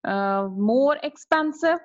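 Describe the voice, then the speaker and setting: Teacher with explaining grammar. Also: female voice, high-pitched, expressive, no echo. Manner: slow, repetitive explaining, checking in with "clear?". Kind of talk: online grammar lesson. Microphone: video call. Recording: dull lo-fi video call audio.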